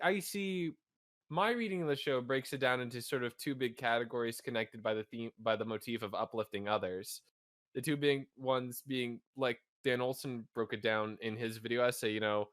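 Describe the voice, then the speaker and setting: A man's voice: mid-range voice, fairly bright tone, dry recording, clean studio sound. A young man co-hosting a podcast, talking earnestly and analytically in casual chat, often restarting his sentences. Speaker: podcast co-host.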